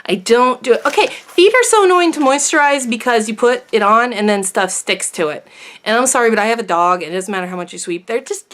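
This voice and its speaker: A woman's voice: mid-range voice, creaky, a bit bright. Woman, beauty vlogger, casual chat, self-deprecating, rambling asides.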